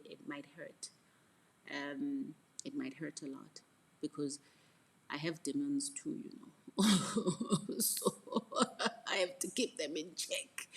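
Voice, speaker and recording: A middle-aged woman mentorship coach, giving a frank, reflective motivational talk with repeated words and soft asides. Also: low voice, breathy edge.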